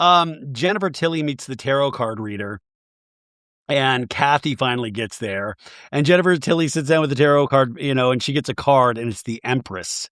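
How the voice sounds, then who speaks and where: A man's voice: medium pitch, moderate pace, a bit bright, dry recording, studio quality. A man hosting a comedic TV recap podcast, rambling and gossipy with lots of restarts. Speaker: podcast host.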